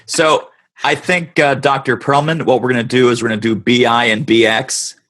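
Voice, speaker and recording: A man's voice: medium pitch, fairly even intonation, normal speed, a bit bright. A man co-hosting a casual podcast, making wry, teasing remarks. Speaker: podcast co-host.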